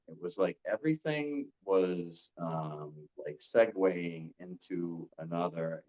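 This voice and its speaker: A man giving a casual testimonial as a coaching client, earnest and halting, with frequent ums and restarts. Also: sits low, rough recording.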